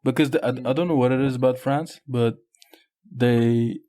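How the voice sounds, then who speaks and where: A young man co-hosting a podcast, talking in a relaxed, agreeable way with casual swearing. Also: medium pitch, normal speed. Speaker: podcast co-host. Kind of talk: casual chat.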